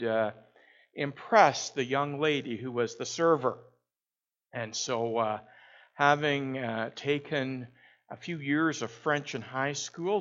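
A man telling a personal story in a reflective talk, unhurried and pausing often with "uh". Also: mid-range voice, a bit bright, highs cut off. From Canada. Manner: unhurried, with frequent "uh" pauses. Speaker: speaker.

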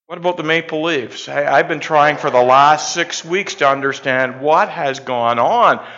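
A man's voice: medium pitch, a bit bright. A male pastor preaching a sermon in a jokey, conversational way, prompting the congregation to repeat after him. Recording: dull lo-fi sound.

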